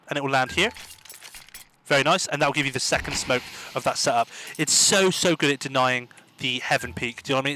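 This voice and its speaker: A man's voice: mid-range voice, bright, forceful tone, slight background noise. A man giving an eager, repetitive gameplay tutorial commentary as a gaming tips host. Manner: eager, repetitive, often asks "do you know what I mean".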